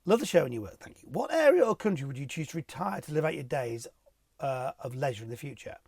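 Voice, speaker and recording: A man's voice: a little high, very animated, fast talker, gravelly, a little mellow, husky, dry recording, clean studio sound. A middle-aged man, a television property presenter, answering viewer questions in a casual, playful way and chuckling often. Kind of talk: casual chat.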